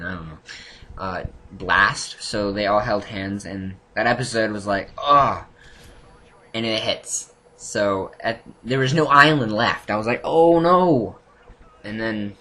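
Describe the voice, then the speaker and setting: A man casually recapping and reviewing anime episodes, rambling, with many restarts and animated asides. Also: fairly low pitch. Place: home room.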